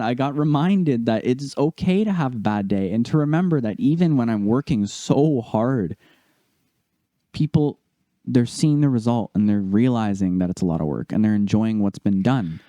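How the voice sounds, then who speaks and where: A young man co-hosting a casual podcast, telling a story with lively delivery and acting out the people he quotes. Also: medium pitch, moderate pace, dry recording. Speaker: podcast co-host.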